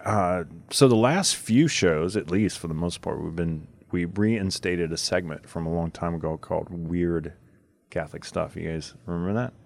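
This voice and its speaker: Guy with a really deep voice hosting a podcast, chatty, laughs a lot, lots of uh and like. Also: moderate pace, vocal fry, a little mellow, dry recording. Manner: laughs often, storytelling with many fillers. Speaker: podcast host. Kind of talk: casual chat.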